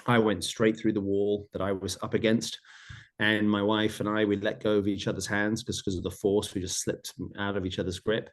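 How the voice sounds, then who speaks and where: Low-voiced middle-aged man telling his story. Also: level tone, normal speed. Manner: earnest, vivid retelling with repeated phrases. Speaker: podcast guest. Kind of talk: personal storytelling in an interview.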